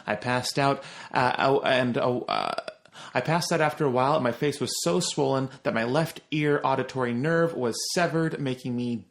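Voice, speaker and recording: A man hosting a podcast, reading listener stories aloud with animated, swear-heavy casual chat and jokey asides. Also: mid-range voice, normal speed, creaky.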